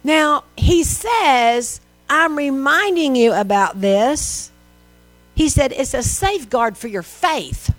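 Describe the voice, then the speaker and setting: A woman's voice: high voice, animated, slow, no echo. A woman preaching a sermon in a conversational style, asking the listeners questions and acting out people's replies. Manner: conversational preaching with rhetorical questions and mimicked voices.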